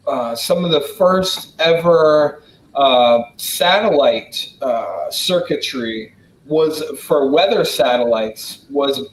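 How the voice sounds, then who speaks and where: An American man from Wisconsin answering questions in a relaxed, casual way, with many fillers and restarts. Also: fairly high pitch, reverberant, slight background noise, rough recording. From Wisconsin, United States. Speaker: guest diplomat answering questions. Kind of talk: casual spoken Q&A.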